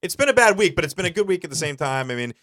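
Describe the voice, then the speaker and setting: A man co-hosting a live comedy web show, talking fast and dryly close to the mic. He rambles, teases his co-hosts and pokes fun at himself in loose, casual banter. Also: a little high, very animated, a bit bright, no echo. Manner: rambling, teasing, self-mocking. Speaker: co-host.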